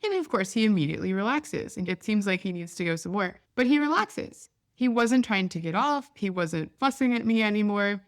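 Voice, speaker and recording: A woman's voice: medium pitch, lively intonation, fairly quick, hardly any pauses. A woman in her thirties hosting a podcast, telling a candid, down-to-earth story in a casual, chatty way. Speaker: podcast host. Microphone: podcast microphone.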